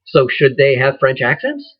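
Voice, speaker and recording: A man teaches acting in a loose, rambling way, full of fillers and restarts. His voice is husky, at an ordinary pitch for a man. The recording is somewhat dull and lo-fi. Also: very animated, normal speed. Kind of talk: casual lecture.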